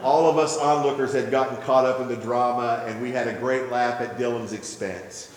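A man preaching a sermon, telling a story with gentle humor before moving into earnest teaching. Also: mid-range voice, fairly even intonation, normal speed, a little hiss or hum. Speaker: pastor. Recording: very echoey hall with long reverb.

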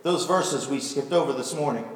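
A man's voice: mid-range voice, moderate pace. A male pastor preaching a sermon, retelling a story vividly and asking rhetorical questions. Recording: echoey hall, voice from far off.

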